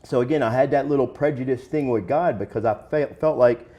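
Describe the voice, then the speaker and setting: A man's voice: mid-range voice, fairly quick, mellow. A man speaking as an interview guest, candid and plain-spoken, telling his own story in a casual, conversational way with some slang.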